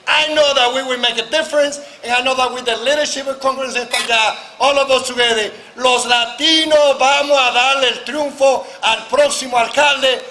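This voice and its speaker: High bright man speaking at a street rally. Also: slight background noise. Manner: switches from English to Spanish mid-speech. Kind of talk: rally speech.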